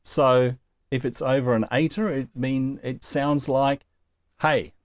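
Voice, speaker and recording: A man's voice: medium pitch, little pitch movement, a little slow, dry recording. A man giving a recorded lesson on Greek pronunciation, explaining patiently step by step and laughing now and then. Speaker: Greek teacher.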